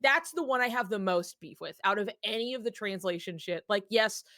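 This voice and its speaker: A woman co-hosting a casual fan discussion podcast, talking in a rambling, animated way with lots of filler words. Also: medium pitch, brisk, no echo, studio quality.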